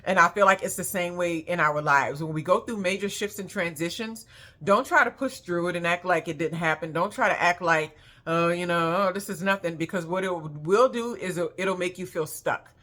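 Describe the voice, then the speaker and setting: A woman vlogger with children speaks earnestly about emotional release in a casual, heartfelt monologue, reflective and encouraging. She's a spiritual vlogger whose voice is fairly low and fairly bright, at a moderate pace.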